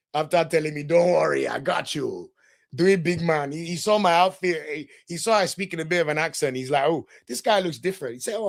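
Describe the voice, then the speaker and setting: Animated man ranting on a livestream. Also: fairly high pitch. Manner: animated, indignant, ranting with laughs. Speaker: podcast host. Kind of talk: live watch-along commentary, reading viewer comments.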